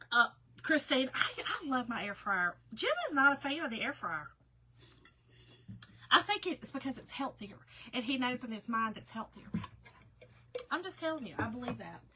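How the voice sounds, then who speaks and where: Her voice is fairly high, pushed and bright, heard on a rough recording. As a craft livestream host, she chats casually with viewers in a folksy, talkative way while working on a craft project.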